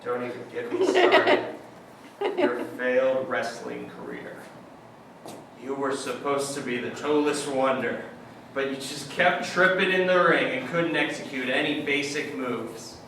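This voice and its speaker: Sarcastic, sulky son played by a man; slow, swooping delivery, distant in a reverberant, noisy hall. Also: medium pitch, big pitch swings, a bit bright. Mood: accusing. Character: whiny grown son who wants a giraffe hat. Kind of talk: live improv comedy scene. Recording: noisy echoey hall from far off.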